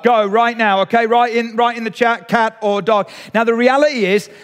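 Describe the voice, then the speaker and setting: A man's voice: very high-pitched, steady tone, normal speed, smooth, in a large hall. A man preaching a sermon in a chatty way, talking straight to his church and an online audience. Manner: conversational, audience-engaging preaching. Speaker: pastor. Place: church hall, streamed online.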